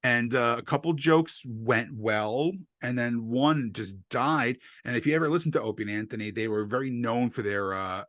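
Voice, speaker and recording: A man's voice: medium pitch, moderate pace, few pauses, no echo, studio quality. A man from New Jersey, a stand-up comedian, telling stories in casual podcast talk, swearing and acting out what people said. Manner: profane, animated storyteller acting out quotes. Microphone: desk USB microphone.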